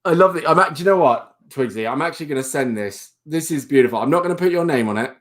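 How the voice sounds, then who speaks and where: A man's voice: animated, fast talker, a bit bright. Chatty man hosting a livestream. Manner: rambling, chatty, laughs often, reads out viewer comments; coos in a high baby voice at a pet rabbit. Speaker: livestream host. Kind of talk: casual livestream chat.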